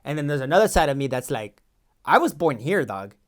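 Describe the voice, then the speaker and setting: A man's voice: a little high, sing-song, fairly quick. A man playing a boastful young immigration agent. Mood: defensive. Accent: Los Angeles valley. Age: 20s. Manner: defensive, rambling, slangy. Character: young male Mexican-American immigration agent, defensive and boastful. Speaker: podcast co-host. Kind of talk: improvised comedy sketch.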